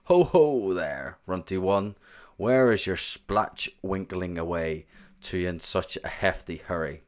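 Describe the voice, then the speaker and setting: A man voicing a booming brute giant. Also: lively intonation, takes it slowly. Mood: taunting. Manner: loud, taunting, mangled grammar. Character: booming brutish male giant bully.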